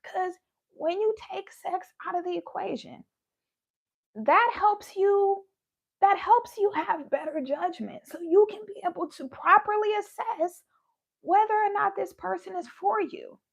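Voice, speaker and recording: Woman, very high voice, gravelly, emphatic, laughs often, losing her voice, live talk. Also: measured pace. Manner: emphatic, laughs often, swings from loud to hushed. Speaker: spiritual video host. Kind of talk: passionate live talk to viewers.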